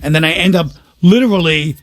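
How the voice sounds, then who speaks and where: A man's voice: on the high side, brisk. An older man from New York, a comedian telling stories in casual chat and acting out the people he quotes. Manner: animated storyteller, acts out quoted voices.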